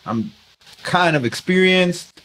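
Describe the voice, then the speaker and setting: A man's voice: high voice, expressive, slow pace, a bit bright, a little hiss or hum, rough recording. A man hosting a podcast interview, asking questions while searching for words. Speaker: podcast host.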